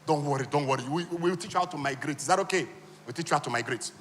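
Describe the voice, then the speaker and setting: A man's voice: on the high side, rapid-fire, slight background noise. Nigerian man teaching in a ringing hall. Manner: animated, quizzes the audience with call-and-response questions; teasing, humorous asides. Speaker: conference speaker teaching on wealth. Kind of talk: interactive teaching talk with slides. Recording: long hall reverb.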